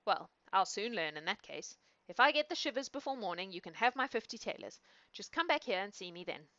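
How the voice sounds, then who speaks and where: A woman voicing a simple, fearless young man who speaks bluntly and sometimes shouts. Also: medium pitch, very animated, brisk, dry recording, dull audio. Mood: plainspoken. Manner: blunt, matter-of-fact, raised and shouting at times.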